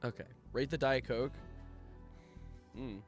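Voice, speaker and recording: A young man live streaming, chatting casually, joking around and reading out donations in an animated way. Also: mid-range voice, slow, soft background music. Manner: jokey, animated, reads donations aloud. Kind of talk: casual livestream chat.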